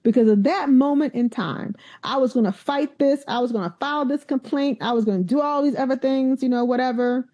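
A university president in conversation, a woman whose voice sits a little high yet sounds mellow and warm. She tells her stories with animation and slips into the voices of the people she quotes. The recording is somewhat dull and lo-fi. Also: brisk, hardly any pauses. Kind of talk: conversational interview storytelling.

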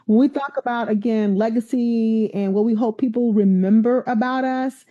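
A woman's voice: fairly high pitch, normal speed, dull audio. A woman who is a university president, telling stories in an interview and acting out the voices of the people she quotes. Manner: animated storyteller, acts out quoted voices. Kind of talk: conversational interview storytelling.

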